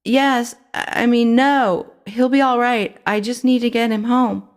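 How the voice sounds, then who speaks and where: A woman doing a jittery girl playing grown-up, her words tumbling out in nervous stammers. The voice rides high and tight, with a storybook read-aloud feel. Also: fairly even intonation, a little slow, close to an everyday voice. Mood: flustered. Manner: stammering, flustered.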